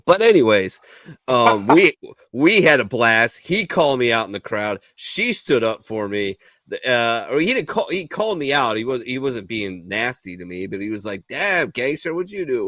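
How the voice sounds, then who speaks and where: A man's voice: fairly low pitch, fairly bright tone, dry recording, clean studio sound. A man hosting a casual veterans' talk show, rambling and swearing freely, a little tipsy. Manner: loose, rambling, profane storytelling. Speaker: podcast host. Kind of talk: casual chat.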